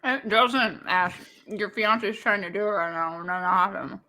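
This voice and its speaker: A woman co-hosting a casual podcast, excitable and full of fillers as she plays a quick-fire quiz game. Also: medium pitch, faint music behind. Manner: excitable, lots of fillers and hesitations. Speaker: co-host.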